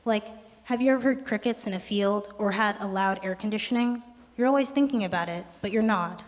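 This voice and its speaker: A young adult poet giving a poetry reading with a wry, conversational, deadpan delivery. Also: medium pitch, brisk. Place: art gallery performance space. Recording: long reverb of a gallery hall.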